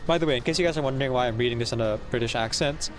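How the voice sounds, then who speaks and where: A man streaming a game, chatting casually and rambling along, catching and fixing his own words. His voice sits at a middle pitch, with faint game music behind him. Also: racing. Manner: rambling, self-correcting. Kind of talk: casual chat while playing a game.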